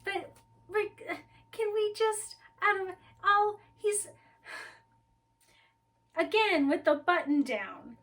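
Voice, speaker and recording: High-pitched giggly woman, slow-talking. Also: a bit bright, far from the mic. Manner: giggly, enthusiastic reactions. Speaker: podcast co-host. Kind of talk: casual chat.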